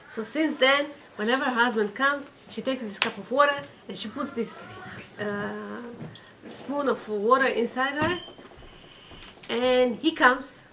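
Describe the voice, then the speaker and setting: A high-pitched, expressive woman teaches a religious storytelling lesson at normal speed, acting out quoted voices and repeating phrases for emphasis. She leads a weekly Torah class, and the background is noisy.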